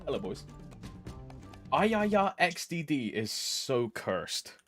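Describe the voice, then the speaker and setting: A man's voice: medium pitch, very animated, slow, a bit bright, faint music behind. A man streaming a game live, chatting casually, joking, swearing and scat-humming to himself.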